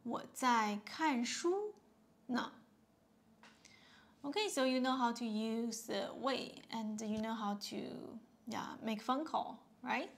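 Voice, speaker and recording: A woman teacher with a Chinese accent speaks slowly in a slightly high voice with a gravelly edge. She explains patiently, repeats each word and keeps saying "yeah" and "okay" between phrases. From China. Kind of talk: explaining a beginner lesson.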